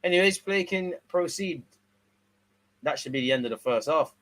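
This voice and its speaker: A young man giving casual, slangy live football commentary, swinging between excited outbursts and low mutters. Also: normal speed. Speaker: watch-along streamer.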